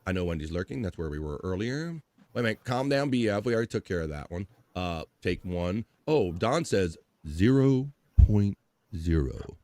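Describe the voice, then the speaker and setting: A man's voice: sits low, very animated, normal speed, warm tone, no room sound. Joking, swearing stream host man. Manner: jokey, swearing, reading chat aloud. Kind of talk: casual live stream chat.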